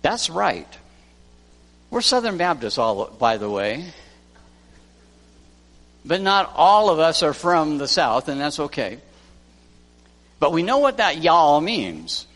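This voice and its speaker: A man who is a pastor preaching a sermon, swinging from loud emphasis to hushed lines. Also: a little high, very animated, slow, long pauses. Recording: long church reverb.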